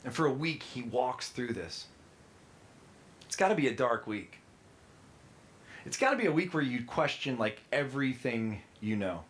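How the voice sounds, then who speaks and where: A man's voice: medium pitch, animated, brisk, a bit bright. A man preaching a sermon, telling stories in a casual, chatty way and acting out the people he quotes. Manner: casual storytelling with quoted voices. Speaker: pastor.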